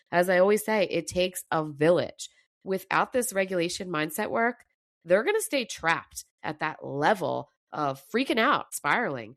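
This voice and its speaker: A mental performance coach delivers a fired-up, emphatic motivational talk in a mid-range, slightly scratchy voice. The recording is studio quality with no room sound.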